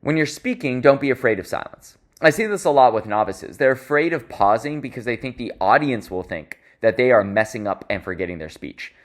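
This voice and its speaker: A man's voice: mid-range voice, brisk, few pauses. A man teaching public speaking in an instructional talk, stressing key words and shifting his pace and volume to make his points. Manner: expressive, varies pace and volume for emphasis.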